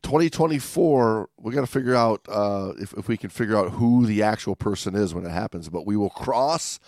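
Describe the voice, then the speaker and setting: A man hosting a podcast in casual chat, upbeat and giving shout-outs, often stumbling and restarting his sentences. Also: fairly low pitch, a little fast, no room sound, studio quality. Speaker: podcast host.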